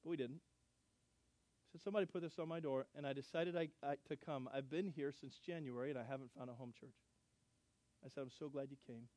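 A middle-aged man, a pastor, telling a story in a sermon with animated, self-deprecating humor and acted-out dialogue. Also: medium pitch, fairly quick, pauses often, dry recording.

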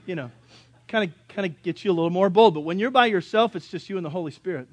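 A male pastor telling a story in a sermon, acting out the dialogue and sometimes bursting into loud, exasperated rants. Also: on the high side, fast talker, no room sound.

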